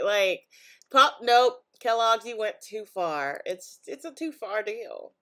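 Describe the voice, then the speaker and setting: A young woman vlogger casually reacting to online posts, talking in an animated way and often breaking into laughs and exclamations. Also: mid-range voice, takes it slowly.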